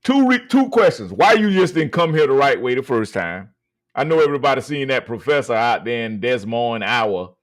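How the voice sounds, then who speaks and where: A man's voice: mid-range voice, big pitch swings, brisk. Fired-up man hosting a live stream. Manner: emphatic, drawn out, many uh fillers. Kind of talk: casual live-stream talk.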